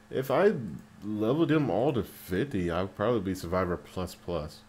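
A man casually commentating his mobile game as he plays, getting excited and swearing at the game when it annoys him. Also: on the low side, normal speed, a little hiss or hum. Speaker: mobile game player narrating gameplay.

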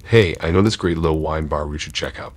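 A man voicing a persistent, menacing stalker on a date, speaking calmly and insistently. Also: rumbling low, a little fast, husky.

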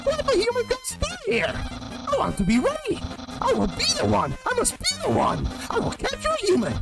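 A man voicing a loud, pompous young male skeleton who boasts theatrically, reading game dialogue on a livestream. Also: extremely high pitch, wildly swooping pitch, normal speed, creaky, pitched above the performer's own voice, exaggerated voice, poor audio. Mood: boastful. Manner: shouty, theatrical, grandiose. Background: game music.

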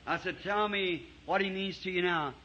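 A man preaching to a congregation, telling folksy stories with chuckles in a lively way, on a dull old tape recording. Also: high voice, moderate pace, a little hiss or hum. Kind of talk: storytelling sermon. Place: church before a congregation.

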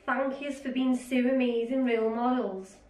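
A young woman chats brightly during a try-on haul, giggly and quick to joke. Her voice sits high. She sounds a little distant in an echoey room. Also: fairly even intonation. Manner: bubbly, giggly, chatty. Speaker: vlogger. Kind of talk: casual try-on haul chat.

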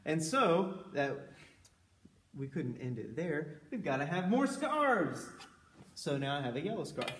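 Animated man leading a kids' sing-along. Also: fairly high pitch, unhurried, echoey room, far from the mic, a little hiss or hum. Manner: playful, animated, sings and whoops. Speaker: children's library music leader. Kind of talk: children's sing-along lesson. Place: library room.

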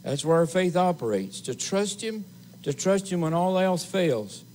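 Slow, emphatic preacher man. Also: sits high, animated, a little mellow, slight background noise, low-quality recording. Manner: slow, emphatic preaching with long pauses and repeated phrases. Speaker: assistant pastor. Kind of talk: sermon. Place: church sanctuary.

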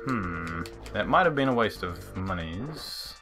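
Excitable man doing lively game commentary. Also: low voice, takes it slowly. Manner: excitable, swears and laughs at the game. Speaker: let's play host. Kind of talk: casual gameplay commentary. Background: faint game music.

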